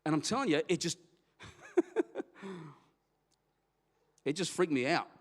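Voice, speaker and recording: A man's voice: a little high, big pitch swings, slow. A man with an Australian accent preaching a sermon as a pastor, telling a candid personal story and acting out his own prayers. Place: church auditorium. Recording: long reverb of a church hall.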